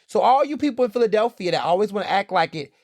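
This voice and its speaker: A male podcast host, speaking in a sassy, animated, conversational manner. His voice sits fairly high for a man, and the recording is close and very dry. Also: fast, no echo. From Texas. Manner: animated, sassy, conversational, addresses listeners as y'all and baby. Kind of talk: solo podcast commentary.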